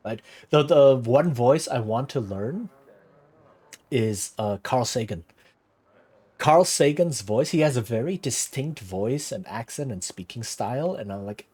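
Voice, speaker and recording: A male streamer talking loosely with his chat at home. He rambles, restarts his sentences and breaks into easy laughs, at a middle pitch. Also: animated, normal speed, darkish tone, husky. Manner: rambling, self-interrupting, laughs easily. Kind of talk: casual chat with live chat.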